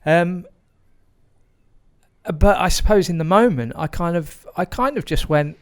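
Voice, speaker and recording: A man's voice: sits high, animated, a little slow, clear, resonant tone. Reflective man telling a story. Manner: hesitant, many fillers and restarts, reflective. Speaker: podcast guest. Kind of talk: conversational storytelling.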